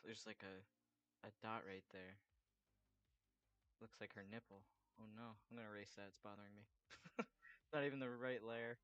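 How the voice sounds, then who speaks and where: Rambling, bright-voiced man chatting while drawing. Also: on the low side, fairly even intonation, normal speed, pauses often, smooth, no echo, lo-fi sound. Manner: rambling, chatty, swears freely. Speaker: artist drawing commissions. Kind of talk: casual chat while drawing.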